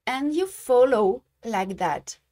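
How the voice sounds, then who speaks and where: A woman from France with a French accent, a native French speaker, teaching embroidery in a live-streamed tutorial and often halting to search for English words. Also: a little high, lively intonation, dark tone.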